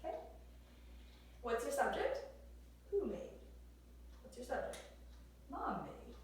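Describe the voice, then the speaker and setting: A high-pitched woman walks a class through grammar, coaxing and repeating questions. She sounds set back from the mic in a very echoey room with a faint hiss. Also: big pitch swings, takes it slowly, distant mic. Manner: encouraging, repeats questions, drawls y'all. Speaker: teacher.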